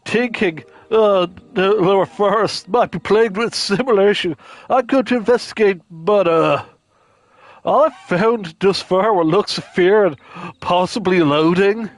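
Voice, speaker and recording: A man's voice: high-pitched, unhurried, no room sound. A man voicing a laid-back male hunter as a drawling surfer dude in a game playthrough. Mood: easygoing.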